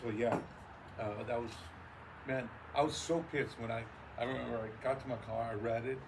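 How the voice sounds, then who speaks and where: A man's voice: medium pitch, fairly even intonation, moderate pace. Profane storytelling man, noisy recording. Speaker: podcast co-host. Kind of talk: casual chat.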